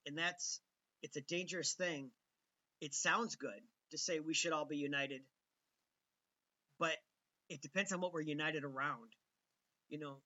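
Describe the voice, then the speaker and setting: A man's voice: fairly high pitch, bright, forceful tone, highs cut off. A man hosting a political commentary show, talking casually with many ums and restarts. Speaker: host.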